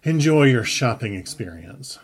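A man voicing a sour, sleepy, sarcastic female store clerk in a read-aloud story, with a husky voice and dry, deadpan delivery. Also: medium pitch, unhurried. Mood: curt.

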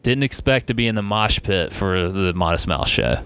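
A man's voice: low-pitched, normal speed, background noise. Man telling a rowdy story, casual chat. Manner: animated, swearing, laughing storytelling. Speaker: podcast storyteller.

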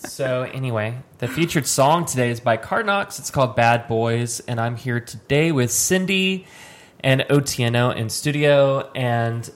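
A man's voice: medium pitch, expressive, a little slow. A man hosting a podcast in a studio, chatting casually and often restarting his sentences mid-thought. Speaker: podcast host. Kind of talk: casual chat.

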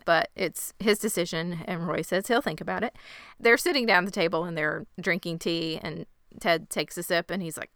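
Bright, crisp woman recapping a show. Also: lowish voice, normal speed, dry recording, clean studio sound. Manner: chatty, laughs along. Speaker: podcast co-host. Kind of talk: casual chat.

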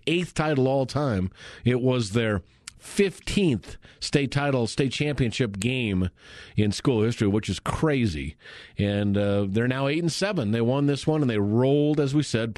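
Brief: male radio sports host, mid-pitched, upbeat chat, dry close studio sound. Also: a little mellow, no echo. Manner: chatty, enthusiastic, many fillers. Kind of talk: live sports radio talk. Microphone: studio microphone.

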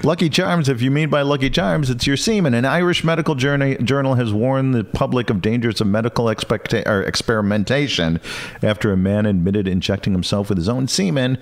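A man's voice: medium pitch, brisk. A man co-hosting a podcast, chatting casually and jokily, rambling with plenty of fillers. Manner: rambling, jokey, lots of fillers. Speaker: podcast co-host. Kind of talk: casual comedic chat.

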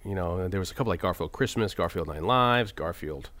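A man co-hosting a casual movie podcast, rambling and animated as he talks, with quick restarts. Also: low-pitched, dry recording. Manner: rambling, animated, slips into silly impressions. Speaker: podcast co-host.

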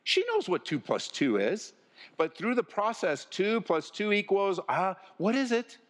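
A man's voice: high voice, sing-song, measured pace. A male pastor delivering a sermon in an earnest, conversational preaching manner with rhetorical questions. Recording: long hall reverb.

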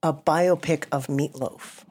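A woman comedian, a podcast guest, chatting casually in an animated, jokey way. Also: deep voice, slow pace, husky. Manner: animated, jokey, lively storytelling.

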